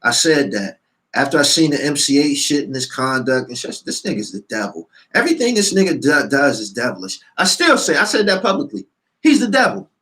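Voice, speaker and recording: A man ranting loudly and profanely, reading out comments and answering them heatedly, repeating his lines for emphasis. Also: medium pitch, sing-song, a little fast. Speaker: show host.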